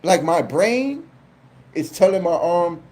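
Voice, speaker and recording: A man, telling a funny story on a live stream, animated and profane, often repeating his phrases. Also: sits high, slow pace. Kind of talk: casual comedic storytelling.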